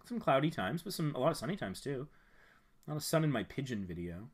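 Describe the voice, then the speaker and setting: This streamer, a man with a husky medium-pitched voice, talks fast and very animatedly while reviewing channels sent in by viewers. He muses aloud, stumbles through fillers and restarts, and hands out friendly suggestions.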